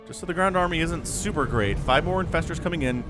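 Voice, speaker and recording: Lively chatty male game caster. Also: a little high, fast talker, music in the background. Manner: chatty, analytical, rambles off topic. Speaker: esports caster. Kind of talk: solo game commentary.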